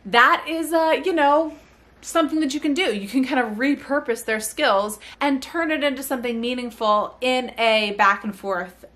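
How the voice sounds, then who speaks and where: A young speech-language pathologist casually walks parents through activities, slipping into sing-song baby talk for her examples. Her voice sits high and is a bit bright, and she keeps a moderate pace.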